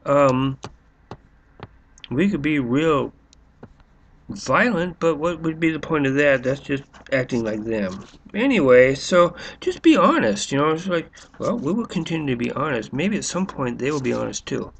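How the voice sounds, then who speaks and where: A man's voice: a little high, expressive, moderate pace, creaky, slightly rough. A man rambling through a sarcastic monologue, full of restarts and fillers. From United States. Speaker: vlogger.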